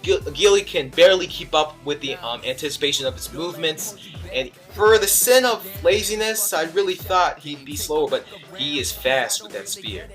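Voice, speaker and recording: Excitable young man rambling, bright voice. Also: fairly high pitch, normal speed, faint music behind. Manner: excitable, rambling, many fillers and restarts. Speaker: anime reviewer. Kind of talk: casual video review.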